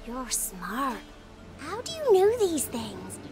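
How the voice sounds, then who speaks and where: A woman's voice: sits high, huge pitch swings, slow, heavily acted. An actress voicing a curious, blunt little village girl in a video game, asking inquisitive questions. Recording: game music playing behind.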